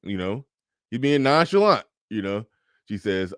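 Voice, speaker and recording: A man's voice: on the low side, big pitch swings, normal speed, no room sound, clean studio sound. A man hosting a reaction commentary, casual and profane, speaking. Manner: casual, profane, reads posts aloud in changing voices. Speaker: commentary host.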